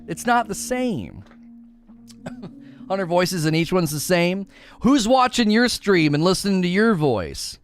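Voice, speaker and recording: Animated, high-pitched male streamer. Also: takes it slowly. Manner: animated, laughs often, slips into playful character voices. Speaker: streamer answering chat. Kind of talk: casual live-stream chat.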